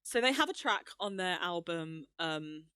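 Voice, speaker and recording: A woman's voice: lowish voice, animated, measured pace, bright, forceful tone, clean tone, no room sound, studio quality. A young woman co-hosting a casual podcast, chatty and enthusiastic, laughing often. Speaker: podcast co-host. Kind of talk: casual chat.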